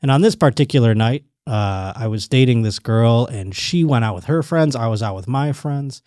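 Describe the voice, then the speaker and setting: A man hosting a podcast, telling a rambling, animated story in casual chat. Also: medium pitch, normal speed, no room sound, clean studio sound. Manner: rambling, animated storytelling with restarts and quoted voices. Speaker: podcast host.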